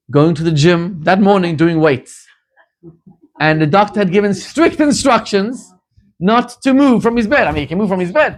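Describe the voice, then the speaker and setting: Fervent man preaching with rising passion. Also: sits high. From Zimbabwe. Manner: animated storytelling, rising to fervent emphasis. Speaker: rabbi. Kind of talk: sermon.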